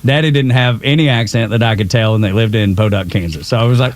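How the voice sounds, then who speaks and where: A man's voice: fairly low pitch, fast, a little hiss or hum. A man co-hosting a morning radio show, chatting casually with many fillers and laughs. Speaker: radio co-host.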